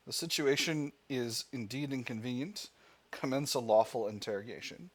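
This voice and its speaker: A man's voice: mid-range voice, moderate pace, breathy edge. A man playing a strategy war game and commenting as he goes, thinking aloud and reading the event text with hesitations. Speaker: gaming channel host.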